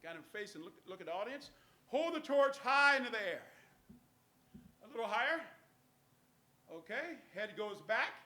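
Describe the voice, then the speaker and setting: High, bright-voiced man on stage. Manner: coaxing, step-by-step commands with jokes. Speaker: stage magician. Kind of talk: live stage patter, instructing volunteers. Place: live cafe stage with audience. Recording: echoey live venue.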